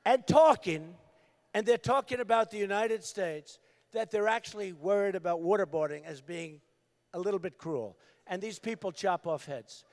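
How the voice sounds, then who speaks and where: A man giving a campaign rally speech, emphatic and repetitive, breaking into shouted bursts. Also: sits high. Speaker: political candidate.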